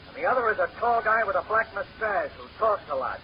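An actor playing a gruff, bossy, suspicious ship officer in 1930s radio comedy. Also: male voice, high-pitched, animated, fast, a little hiss or hum. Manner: gruff, bossy, barking orders. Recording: muffled 1930s radio recording.

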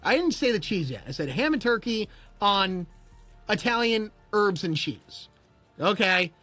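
A young man livestreaming, telling a story in animated chat and acting out both sides with bursts of disbelief. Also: high-pitched, measured pace, soft background music. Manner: acts out both sides of a story, rising to near-shouts in disbelief.

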